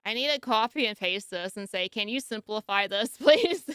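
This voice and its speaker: A woman streamer chats through a video she is reacting to, giggling and teasing. Her voice is bright and sharp, smooth and clean, and it sits dry and close with no room around it. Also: mid-range voice, expressive, normal speed, dry recording. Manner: giggly, teasing, mocks long-winded wording. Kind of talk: casual live-stream reaction commentary.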